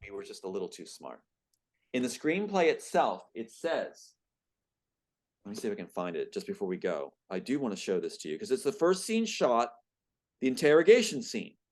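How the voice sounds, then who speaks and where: A man guest speaks earnestly in an interview, and he is audibly emotional. He searches for his pages as he talks, in a somewhat low voice. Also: huge pitch swings, moderate pace, a little mellow. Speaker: screenwriter and guest. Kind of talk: interview conversation, reading aloud.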